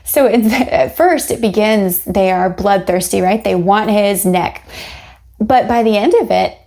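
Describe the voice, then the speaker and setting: A woman in casual conversation on a book podcast. She speaks in an ordinary middle pitch but grows animated, lifting her voice high when she plays out the lines of people in the story. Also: measured pace, vocal fry. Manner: animated, acts out quotes with rising pitch and laughs. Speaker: podcast co-host.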